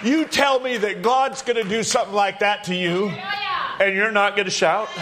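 A man with a notably high-pitched voice delivers an informal sermon. He talks to the congregation conversationally, mixing jokes with personal stories. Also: fairly even intonation, normal speed, a crowd in the background, background noise. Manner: conversational, joking, storytelling. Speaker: preacher.

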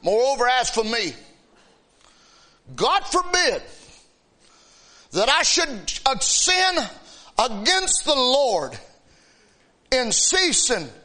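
A man in middle age preaches a fiery sermon in a very high voice. His sharp, bright tone rings out as he shouts to the congregation. Then he pulls back to slow, hushed words. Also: sing-song. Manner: impassioned, shouting preaching with sudden drops to soft speech.

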